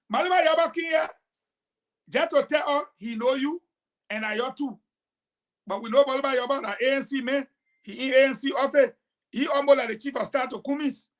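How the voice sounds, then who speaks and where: Her voice sitting high, a woman argues combatively through fiery political commentary on a talk show, landing emphatic points and swinging from loud outbursts to hushed asides.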